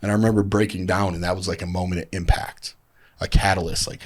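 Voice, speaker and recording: A man's voice: low voice, flat delivery, fast talker, slight background noise. A man in casual podcast talk, telling a heartfelt recovery story in a rambling way with many fillers. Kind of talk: casual chat.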